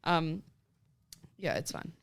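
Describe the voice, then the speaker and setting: A woman's voice: low voice, expressive, slow, gravelly. A young woman, co-hosting a podcast and chatting casually, laughing often and saying "like" a lot. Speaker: podcast co-host. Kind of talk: casual chat. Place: podcast studio.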